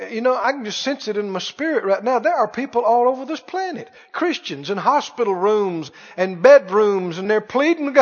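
A man preaching a sermon with emphasis, slowly drawing out quoted pleas and scripture. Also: very high-pitched, expressive. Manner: emphatic, drawn-out quoting of pleas. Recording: dull recording in a reverberant hall.

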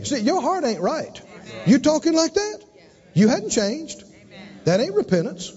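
High-voiced, animated male preacher. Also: a little slow. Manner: emphatic, call-and-response, dramatic swings in pitch and volume. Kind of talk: sermon. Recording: dull recording with long hall reverb.

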